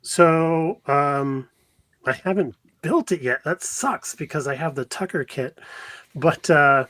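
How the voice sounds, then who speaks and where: A man's voice: a little high, takes it slowly, fairly bright tone. A man chatting as a podcast guest, joking and telling short stories. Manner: storytelling, joking. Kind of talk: casual chat.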